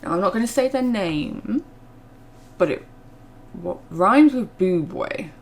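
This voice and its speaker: This is a young woman telling a casual vlog story, with plenty of ums and likes. She talks at a middle pitch, and she gets higher and louder whenever she is indignant. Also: expressive, slow pace. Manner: chatty, many fillers, gets louder and higher when indignant. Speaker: vlogger.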